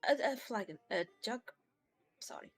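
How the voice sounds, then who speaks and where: A woman's voice: on the high side, lively intonation, normal speed, breathy edge, faint music behind. A woman playing in a tabletop game, chatting and joking with the group. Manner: chatty, laughing. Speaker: player. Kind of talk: casual tabletop play.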